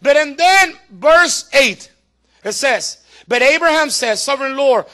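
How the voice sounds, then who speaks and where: A man preaching from the pulpit with a very high, bright, forceful voice. He presses the congregation again and again to pay attention, and he climbs into near-shouts on his key points. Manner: urging the congregation, rising to shouts. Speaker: pastor. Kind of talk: sermon.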